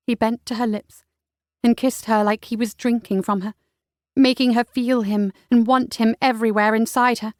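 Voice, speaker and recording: A woman narrating a romance audiobook in an intimate, unhurried way. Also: fairly high pitch, fairly even intonation, dry recording, clean studio sound.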